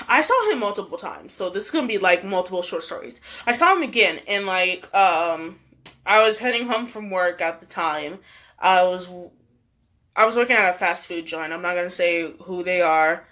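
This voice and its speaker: A woman's voice: lowish voice, animated, normal speed, sharp tone. A young woman vlogger telling a story in a chatty way, full of "like" and laughs. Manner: chatty, many fillers and laughs. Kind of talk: storytime vlog chat.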